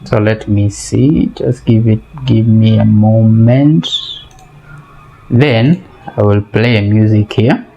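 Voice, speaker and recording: A man's voice: lowish voice, fairly even intonation, slow pace, vocal fry, dull audio. A man giving a casual product demo and review, explaining step by step and often repeating words as he hesitates. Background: faint music playing.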